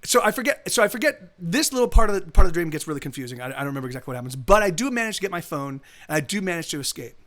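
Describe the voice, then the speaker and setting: A man's voice: a little high, big pitch swings, rapid-fire, few pauses, a bit bright. A man telling a long story in a casual, rambling way, often restarting his sentences and swearing. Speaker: streamer. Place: home streaming setup.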